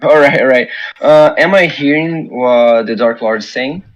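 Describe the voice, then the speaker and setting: A man's voice: mid-range voice, measured pace, lo-fi sound. A man playing a tabletop game, speaking in a hesitant, apologetic way. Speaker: player. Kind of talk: casual tabletop play.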